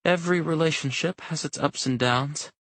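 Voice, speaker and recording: A man's voice: a little high, moderate pace, fairly bright tone, dry recording, voice pushed up. A man voicing a grieving wife who speaks in a choked-up, wistful way. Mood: tearful.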